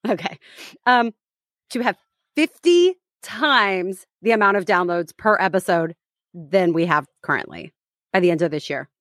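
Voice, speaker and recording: A woman's voice: lowish voice, lively intonation, measured pace, no echo. Chatty woman podcast host, dry sound. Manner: chatty, teasing, lots of fillers and restarts. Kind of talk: casual chat.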